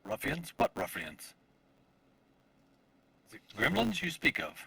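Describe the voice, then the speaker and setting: A man's voice: mid-range voice, wildly swooping pitch, slow pace, creaky, sharp tone, husky, pitched above the performer's own voice, heavily acted. A man playing a blunt, pushy adventurer. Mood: demanding. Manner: blunt, demanding questions.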